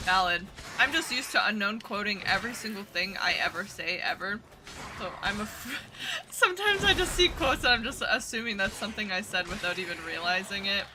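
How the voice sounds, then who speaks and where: A woman's voice: mid-range voice, background noise. A young woman streaming a game, chatting casually with her viewers in a rambling, giggly way. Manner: giggly, rambling, talks to chat. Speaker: VTuber streamer. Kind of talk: casual live-stream chat. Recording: gaming stream with game music.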